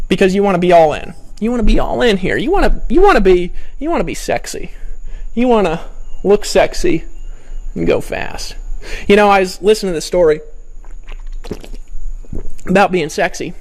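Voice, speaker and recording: A man giving a casual sales training talk in a playful, joking way, often repeating his phrases. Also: high voice. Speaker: network marketing trainer.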